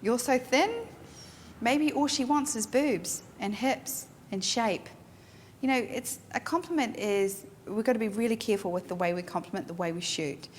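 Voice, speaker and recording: Frank, animated middle-aged woman leading a studio workshop; echoey hall sound, faint noise. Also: mid-range voice, normal speed. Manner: frank, emphatic, animated storyteller. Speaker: photographer teaching a workshop. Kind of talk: instructional talk to a class. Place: photo studio.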